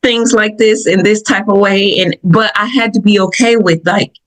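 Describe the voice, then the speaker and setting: A woman from Michigan with a Southern accent, hosting a podcast and telling personal stories in an animated way, laughing often. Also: medium pitch, moderate pace, poor audio. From Michigan, USA. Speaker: podcast host. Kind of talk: personal reflective talk.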